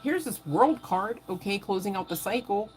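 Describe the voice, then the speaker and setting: A woman giving a live tarot reading in a casual, animated way, swearing freely and laughing often. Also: medium pitch, moderate pace. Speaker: tarot reader.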